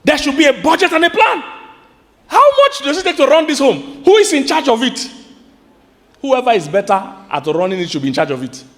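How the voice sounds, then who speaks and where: High-voiced Nigerian pastor preaching. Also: male voice, fairly quick, long reverb tail. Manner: animated preaching with sudden high-pitched outbursts; asks the congregation questions. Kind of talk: sermon.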